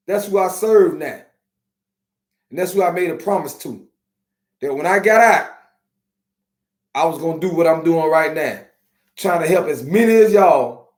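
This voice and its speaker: A man hosting a podcast, talking casually and streetwise to his viewers, slowing down to preach his points. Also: high voice, darkish tone. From Miami. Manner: streetwise, preachy, drawn-out slow emphasis. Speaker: podcast host. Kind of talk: casual live-stream talk to viewers. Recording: echoey room.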